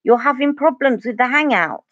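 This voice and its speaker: A woman's voice: sits high, lively intonation, normal speed, fairly bright tone, no echo, muffled recording. A woman with an Essex accent chatting through a live makeup tutorial, answering viewer comments as she goes. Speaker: beauty vlogger.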